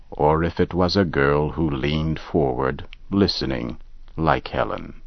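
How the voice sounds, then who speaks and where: A man narrating a story in a slow, measured, deliberate way. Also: creaky, no room sound, muffled recording. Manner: measured, deliberate, low and calm. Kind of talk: slow scripted story reading.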